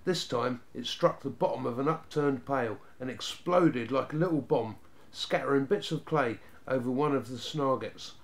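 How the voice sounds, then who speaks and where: A man narrating a children's storybook in a steady, even reading voice. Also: mid-range voice, moderate pace, creaky.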